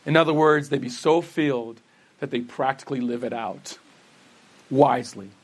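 A man's voice: mid-range voice, normal speed. A man preaching a sermon, earnest, posing questions and answering them himself, who says he stutters and often restarts words. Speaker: pastor.

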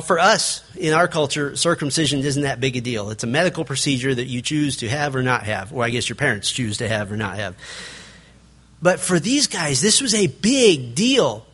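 A man delivers a sermon with a voice sitting a little above the usual male range. He preaches earnestly, reading scripture aloud and acting out quotes in lively asides. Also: on the high side, slightly rough. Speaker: pastor.

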